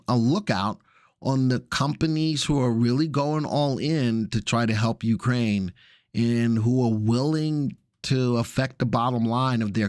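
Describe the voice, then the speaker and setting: A man's voice: mid-range voice, no room sound. Male market-analysis host, casual live commentary, mid-range voice, dry close sound. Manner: casual, chatty, jokey asides.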